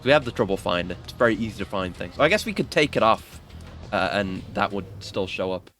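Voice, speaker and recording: A man's voice: lowish voice, expressive, brisk, fairly bright tone, soft background music. A man giving casual, rambling, self-mocking commentary while playing a video game. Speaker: game streamer.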